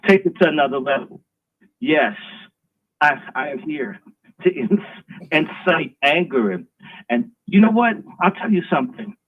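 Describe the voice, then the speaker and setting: A man's voice: fairly high pitch, lively intonation, normal speed, pauses often. A man hosting a live stream, delivering an emphatic, preachy, provocative monologue. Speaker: host. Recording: tinny phone-like line.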